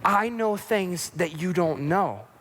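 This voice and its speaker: A man's voice: sits high, slow, fairly bright tone, slight background noise. A man voicing an earnest, pleading savior.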